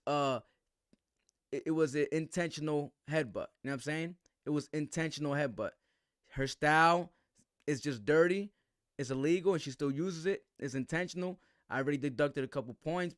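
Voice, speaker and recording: A man's voice: on the high side, smooth, no echo, studio quality. A man hosting a livestream, giving heated, slangy commentary full of restarts. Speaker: host.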